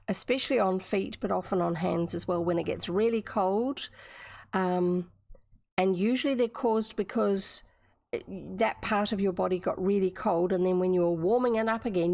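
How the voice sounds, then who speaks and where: A woman's voice: mid-range voice, creaky, a little mellow, dry recording, clean studio sound. A woman from New Zealand reading a classic novel aloud on a livestream, with chatty explanatory asides. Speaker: storybook reader on a livestream.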